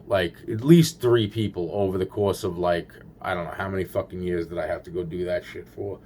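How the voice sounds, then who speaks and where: A man's voice: low voice, fairly quick, few pauses, slight background noise. A man rambling through a paranoid personal story, swearing constantly and restarting his sentences.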